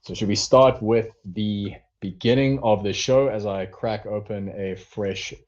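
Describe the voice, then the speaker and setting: A podcast co-host chats casually on a wrestling show, rambling through stories packed with fillers. His voice sits fairly low and sounds a little mellow, his pace is unhurried, and the highs are cut off.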